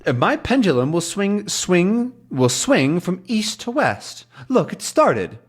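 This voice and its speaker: A man voicing an absent-minded elderly male professor who rambles about his pendulum in a high, earnest voice. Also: very animated, slow, husky, full character voice.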